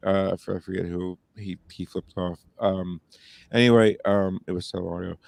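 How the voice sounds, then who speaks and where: A man's voice: sits low, steady tone, normal speed, vocal fry, a little mellow, dry recording. A man co-hosting a podcast in casual chat, telling stories in a rambling way with many fillers and restarts. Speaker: podcast co-host.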